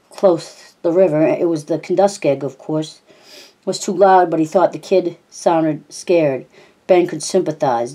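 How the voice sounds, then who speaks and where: Brief: woman audiobook reader, low warm voice, plain steady reading. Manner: steady, plain narration with small slips. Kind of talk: reading a novel aloud.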